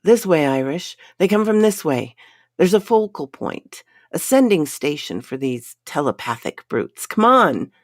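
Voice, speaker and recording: A woman's voice: sits low, very animated, unhurried, no echo, studio quality, heavily acted. A woman voicing a tired but determined male space explorer who speaks earnestly and urges his partner on. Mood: urging.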